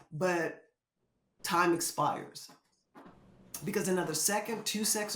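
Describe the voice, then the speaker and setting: A woman guest in a casual interview, telling stories in an animated way, often laughing. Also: lowish voice, roomy sound, slight background noise. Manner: animated storyteller who laughs often and does voices. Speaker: guest, former basketball player and commentator.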